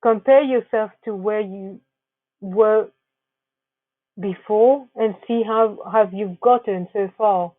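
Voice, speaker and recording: Speaking slowly in a mid-range voice, a woman presents narrated slides as a wellness presenter, giving earnest advice and frequently starting over. The audio has a tinny, phone-quality sound that is dry and close, without any echo.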